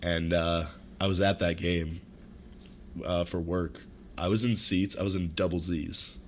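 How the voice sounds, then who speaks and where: A man's voice: deep voice, fairly even intonation, measured pace, a little hiss or hum. A young man co-hosting a podcast, joking and laughing, saying dude a lot. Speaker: podcast co-host. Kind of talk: casual chat.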